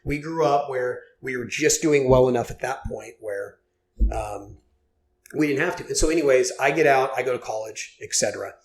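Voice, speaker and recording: A man's voice: mid-range voice, moderate pace, slight background noise. A man in his forties from Oklahoma, a podcast guest telling his story in an earnest, heartfelt way, with lots of fillers. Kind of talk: casual podcast interview.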